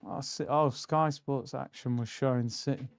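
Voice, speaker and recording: A man's voice: medium pitch, fairly even intonation, normal speed, clean tone, no echo. A young man, hosting a casual football watchalong stream, bantering and reading out chat messages.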